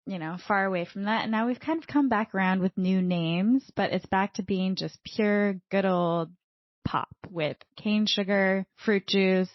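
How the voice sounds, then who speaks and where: A woman's voice: medium pitch, a little slow, no room sound. Woman podcast cohost, wry, laughs a lot, dry slightly dull mic. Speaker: podcast co-host. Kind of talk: casual chat.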